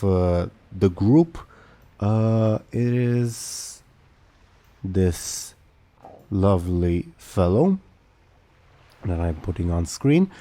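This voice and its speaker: Slow, deep-voiced male game master. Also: warm tone. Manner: halting, full of fillers and self-corrections. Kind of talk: narrating a tabletop game.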